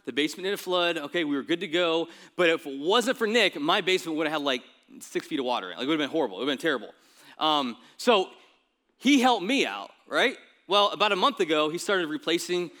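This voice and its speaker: A man preaching a sermon in a relaxed, everyday way, as if chatting with the congregation. His voice sits a little high for a man and sounds bright and forceful. He keeps tossing in quick asides to the listeners. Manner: casual, conversational preaching with frequent "right?" asides. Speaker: pastor.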